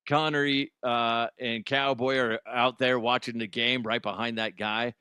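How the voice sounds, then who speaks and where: A man's voice: mid-range voice, steady tone, unhurried, bright, forceful tone, clean tone, no echo, clean studio sound. A middle-aged man hosting a radio show, telling stories in a profane, self-deprecating, rambling way. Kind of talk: casual comedic talk radio monologue.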